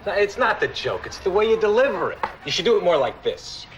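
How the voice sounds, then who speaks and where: Brusque, high-voiced diner counterman. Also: big pitch swings, a little fast, a crowd in the background. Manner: brusque, pushy, know-it-all. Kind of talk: mockumentary comedy scene.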